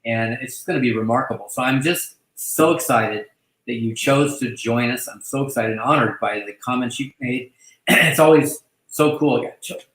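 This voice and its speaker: A man hosting a casual online chat who talks effusively, halting often to restart his sentences. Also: medium pitch, a bit bright, roomy sound, poor audio. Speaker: host welcoming a new agent.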